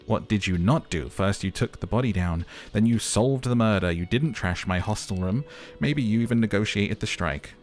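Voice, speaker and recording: A man's voice: on the low side, moderate pace, soft background music, lightly acted. A man putting on a sarcastic cafeteria manager. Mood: mocking. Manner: mocking, exasperated, theatrical. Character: sarcastic male hostel cafeteria manager, touchy.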